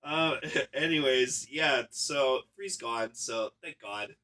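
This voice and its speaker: A man co-hosting a casual fan podcast, excitable and sweary in his reactions. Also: medium pitch, slow. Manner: excitable, animated, swears a lot. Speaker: podcast co-host.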